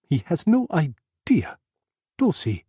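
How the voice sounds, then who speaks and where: A man voicing a gruff Russian rebel commander with a rough voice, speaking formally without contractions. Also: on the high side, wildly swooping pitch, slow pace, dark tone, no echo, clean studio sound, voice pushed up, exaggerated voice. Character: hardened male Russian rebel leader, gruff, emotional. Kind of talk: audiobook character voice.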